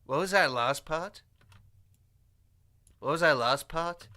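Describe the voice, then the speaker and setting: A man's voice: on the high side, takes it slowly, pushed and bright, pitched above the performer's own voice. A man voicing a clueless young male noob gamer with a wide-eyed, bewildered manner, recorded as video game voice acting takes. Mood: confused.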